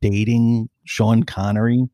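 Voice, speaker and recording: A man's voice: on the low side, flat delivery, slow, warm tone, no room sound, studio quality. A man co-hosting a podcast, chatting casually in a profane, rambling, jokey way. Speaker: podcast co-host. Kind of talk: casual chat.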